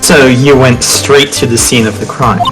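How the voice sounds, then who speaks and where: A man's voice: medium pitch, steady tone, normal speed, natural voice, low-quality recording. Earnest young lawyer read by a man for a fan dub, a bit flustered, over prominent music. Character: earnest young male defense attorney. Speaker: fan voice actor. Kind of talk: amateur voice-acted game dub. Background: background music.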